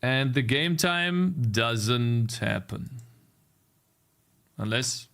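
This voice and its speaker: A young male streamer codes live and mutters at his bugs as he works. He talks slowly and answers his chat in a casual, frustrated way. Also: mid-range voice, expressive, creaky, a bit bright, smooth. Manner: frustrated muttering while debugging, talking to chat.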